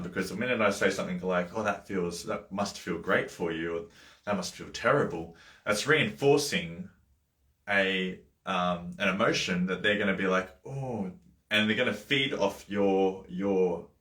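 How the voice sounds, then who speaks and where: Deep-voiced man chatting on a livestream. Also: fairly bright tone. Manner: loose and conversational, with many fillers, asides and small laughs. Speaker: life coach hosting a Bible study livestream. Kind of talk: casual livestream talk. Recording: roomy echo.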